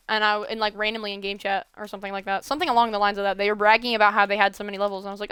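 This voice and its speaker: A woman chats casually while she plays a game, wandering through a story and stopping to restart her sentences. Her voice is very smooth and resonant, and it sounds dry and close with no room echo. She talks at a middling pitch. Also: fairly even intonation, rapid-fire, sharp tone. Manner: rambling, self-interrupting, with fillers and restarts. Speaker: game streamer.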